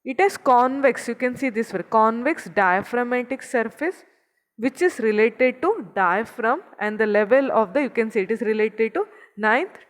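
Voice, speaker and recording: A woman with a fairly high voice teaches anatomy, walking through a diagram and repeating each key term. Her voice rings out in a long, echoing hall. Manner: explains step by step, points at a figure, repeats key terms. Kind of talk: recorded anatomy lecture.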